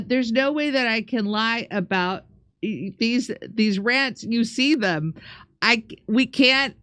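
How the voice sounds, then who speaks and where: A woman's voice: mid-range voice, a bit bright, no room sound. A middle-aged woman co-hosting a live stream, reading viewer chats in a chatty, exasperated, then friendly way. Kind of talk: casual live-stream chat.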